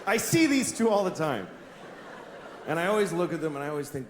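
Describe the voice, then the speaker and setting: A man performing a stand-up comedy set, delivering blunt, profane deadpan observations. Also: a little high, brisk. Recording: echoey live room with audience noise. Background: audience laughter.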